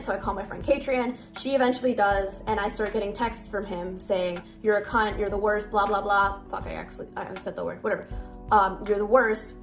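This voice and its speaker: A young woman in her twenties telling a storytime to camera, animated and blunt, swearing freely. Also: fairly high pitch. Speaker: TikTok storyteller. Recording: music bed underneath.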